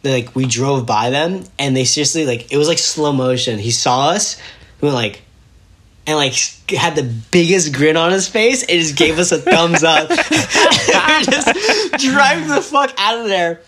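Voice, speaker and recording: A young man telling a story casually as a podcast guest, animated and laughing as he acts out what people said. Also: a little high, unhurried.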